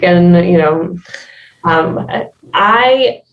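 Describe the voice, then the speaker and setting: A woman's voice: fairly low pitch, moderate pace. A woman from the American South with a Southern accent, a podcast guest reflecting thoughtfully, with many fillers and restarts. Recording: distant, roomy, dull remote sound.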